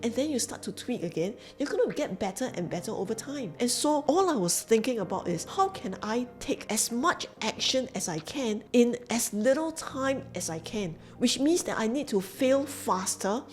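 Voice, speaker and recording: A woman's voice: a little high, sing-song, moderate pace, few pauses, a little mellow. A woman with a Singaporean English accent telling her story as a business coach in an earnest, emphatic way, repeating key phrases. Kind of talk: motivational storytelling to camera.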